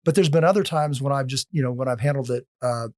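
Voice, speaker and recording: A man on a podcast as a guest, telling casual stories in an animated way, often restarting his sentences. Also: mid-range voice, fast talker, dry recording, studio quality. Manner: animated, acts out quoted lines, frequent restarts. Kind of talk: casual storytelling.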